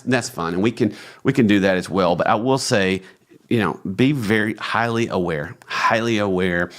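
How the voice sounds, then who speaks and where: A man co-hosting a podcast on marriage, talking in an earnest, exhorting way, like a preacher giving counsel. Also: low voice. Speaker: podcast co-host. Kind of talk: conversational podcast discussion.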